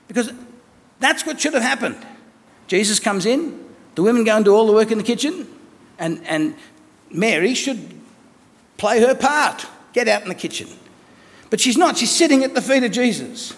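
A man preaching a sermon in a conversational, lively way, asking his listeners questions and telling stories. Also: high-pitched, moderate pace, pauses often. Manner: conversational, animated storytelling with rhetorical questions. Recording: long echo of a large hall.

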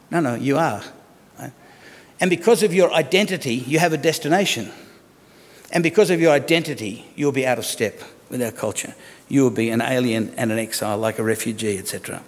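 A man's voice: mid-range voice, brisk, in a large hall. A man, preaching a sermon in a conversational way and asking the congregation rhetorical questions. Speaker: pastor.

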